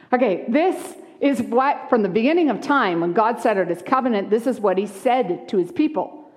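A woman pastor preaching a sermon, moving between hushed, quiet lines and lively, animated ones. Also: on the high side, moderate pace, long reverb tail. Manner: expressive, shifts from hushed to lively. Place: church sanctuary.

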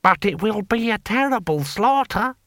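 A man voicing an anxious, fussy male tax gatherer, high and slow. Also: lively intonation, bright, forceful tone, dry recording, clean studio sound, heavily acted. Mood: alarmed.

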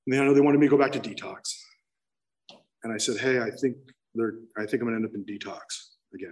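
A man's voice: medium pitch, fast, recorded from a distance. A man candidly telling his personal recovery story, emotional, with many restarts. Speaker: speaker sharing his story.

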